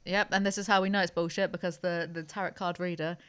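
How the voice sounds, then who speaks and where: A woman's voice: on the low side, level tone, quick pace, a bit bright, clean tone. A woman hosting a podcast in casual banter, brash and jokey, swearing freely. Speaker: podcast host.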